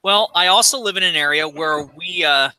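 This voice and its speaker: Middle-aged dude ranting and cussing on a podcast, real bright tone, a bit high, dry sound. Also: male voice, normal speed, clear, resonant tone, dry recording. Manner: profane, ranting. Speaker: podcast co-host. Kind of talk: casual chat. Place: recording studio.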